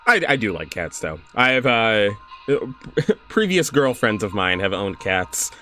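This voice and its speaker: Young guy streaming a game, bouncy pitch, reads stuff out and cracks up a lot. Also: very animated, unhurried, pushed and bright, soft background music. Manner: laughs often, chatty, swears casually. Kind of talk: casual game stream commentary and reading aloud.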